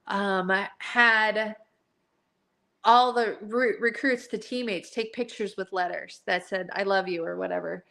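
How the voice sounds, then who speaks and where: Bright-voiced woman chatting on a live stream. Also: on the high side. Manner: heartfelt, rambling with many fillers. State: teary. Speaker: jewelry seller hosting a live stream. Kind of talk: casual live stream chat.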